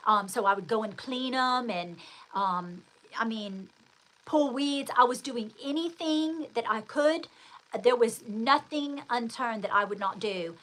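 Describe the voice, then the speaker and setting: A middle-aged woman from the United States talks through a personal story as a show host. Her voice sits a little high and rings bright and forward. She rambles with frequent restarts and fillers, leaning hard on emphatic repeats. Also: measured pace, poor audio.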